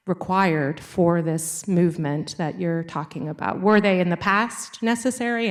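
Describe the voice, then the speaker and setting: Slow-speaking woman asking a question. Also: fairly low pitch. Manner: careful, deliberate questioning. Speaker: audience questioner. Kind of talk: question from the floor.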